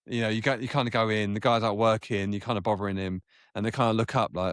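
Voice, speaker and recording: A man in his forties chats as a podcast guest, spinning loose golf anecdotes with plenty of false starts. His voice sits fairly low, and the sound is dry and close with little room around it. He breaks into a higher voice when he quotes others. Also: fairly even intonation, quick pace, a bit bright, clean tone, no room sound. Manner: rambling, self-correcting, acts out quoted people in a raised voice. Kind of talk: casual anecdotal storytelling.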